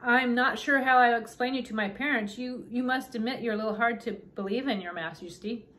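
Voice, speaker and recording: A woman's voice: a little high, brisk, a bit bright, lightly acted. A woman voicing a curious, eager young girl who asks wondering questions.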